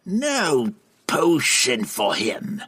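A man voicing a cold, imperious drow matron who hands down slow, haughty commands. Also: medium pitch, wildly swooping pitch, fairly bright tone, breathy edge, pitched above the performer's own voice, exaggerated voice.

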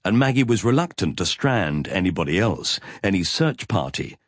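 A man narrating an audiobook in an expressive storytelling manner. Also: deep voice, moderate pace, no echo, clean studio sound. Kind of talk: scripted narration.

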